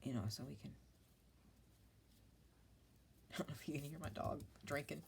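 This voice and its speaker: Woman, low voice, chatty, rambling, craft vlog at home. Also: fairly even intonation, slow, creaky, a little hiss or hum. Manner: chatty, rambling, talks to viewers and her dog. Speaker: craft vlogger. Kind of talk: casual chat while crafting.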